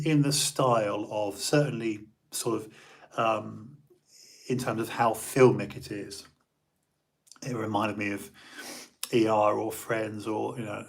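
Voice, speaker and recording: An English man hosting a livestream, chatting casually and rambling with lots of fillers and restarts. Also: on the low side. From England. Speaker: livestream host. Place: home.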